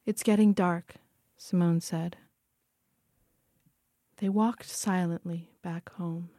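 A woman narrating a story aloud in a quiet, hushed voice that often sinks to a whisper. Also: lowish voice, dry recording, clean studio sound. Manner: hushed, frequently dropping to a whisper. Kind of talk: audiobook reading.

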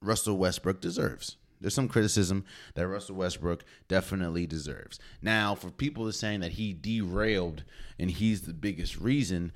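A man's voice: low-pitched, moderate pace. A man hosting a solo sports podcast, talking casually and opinionated, with slang and rhetorical questions. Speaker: podcast host.

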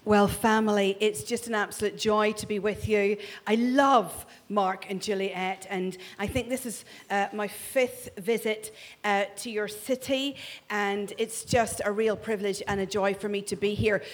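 A woman's voice: medium pitch, fairly even intonation, a little slow, few pauses. A woman in her forties with a Northern Irish accent, speaking to a church congregation on a handheld mic, joking and enthusiastic. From Northern Ireland. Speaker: prophetic minister. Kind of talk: lively church talk to a congregation. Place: church hall.

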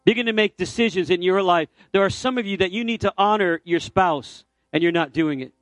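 A middle-aged male pastor delivers a sermon, telling a personal story before urging his congregation to respond. His voice sits fairly high, and he keeps moving between relaxed storytelling and passionate exhortation. The mic is close and dry, with soft music playing underneath. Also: a little fast, no echo. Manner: storytelling, building to fervent exhortation. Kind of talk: sermon with altar call. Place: church sanctuary.

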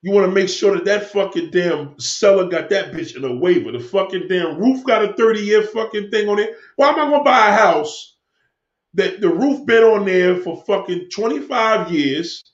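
At a normal speed, a high-pitched, expressive man launches into a sweary, heated rant for his stream audience, rambling from one topic to another. The recording is echoey and has a dull, lo-fi sound.

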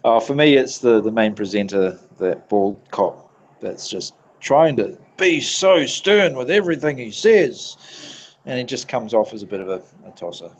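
A man from New Zealand with a New Zealand accent, a podcast guest chatting casually with dry, deadpan jokes. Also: mid-range voice, moderate pace. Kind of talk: casual chat. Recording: dull lo-fi mic.

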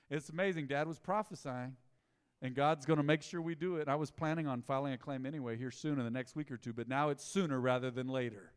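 A man preaching a sermon in his church, telling a story with lively swings between loud exclaims and hushed asides. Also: fairly high pitch, a little fast, clear, resonant tone, big-room sound. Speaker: pastor. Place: church sanctuary.

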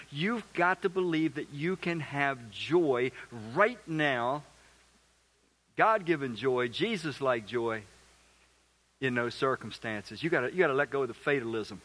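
A man preaching a sermon as pastor, animated, acting out little voices and asking the crowd questions. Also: on the high side.

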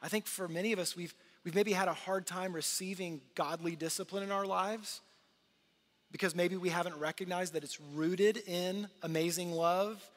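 A man's voice: high-pitched, fairly even intonation, moderate pace. A middle-aged man preaching a sermon to his congregation, earnest and conversational, often restarting his sentences. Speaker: pastor. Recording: long reverb of a large hall.

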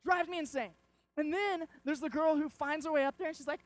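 A young man preaching a sermon, telling stories with lively acted-out moments. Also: extremely high pitch, quick pace, dry recording. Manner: animated storytelling, acts out shouts and quotes.

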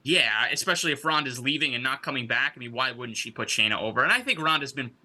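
A man's voice: mid-range voice, expressive, quick pace, pushed and bright. A man co-hosting a casual wrestling podcast, rambling with lots of fillers and swearing as he talks. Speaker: podcast co-host.

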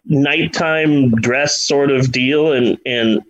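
In a mid-range voice, a middle-aged podcast host takes his time, chatting casually in a rambling, self-deprecating manner full of restarts. The recording has its highs cut off.

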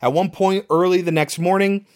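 On a casual podcast, a male co-host with a high voice walks through a film's scenes animatedly, laughing often. His intonation is fairly even, and he speaks at a normal speed during the movie recap chat.

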